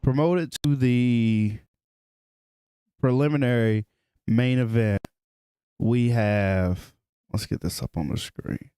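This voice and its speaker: Guy cohosting a podcast, playful, messes up names for laughs, mid pitch, dry mic. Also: slow, pauses often, mellow, smooth, no room sound. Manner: joking, stumbles over names on purpose. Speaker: podcast co-host. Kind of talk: casual chat.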